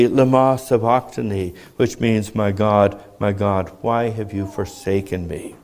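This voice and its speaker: A man preaching a sermon in a measured teaching tone, asking rhetorical questions as he explains. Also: medium pitch, a little mellow.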